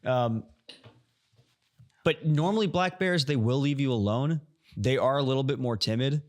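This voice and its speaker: A man who is a regular on a podcast talks casually and rambles along, filling his speech with "like." His voice sits at an ordinary middle pitch. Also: moderate pace. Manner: rambling, filler-heavy. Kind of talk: casual chat.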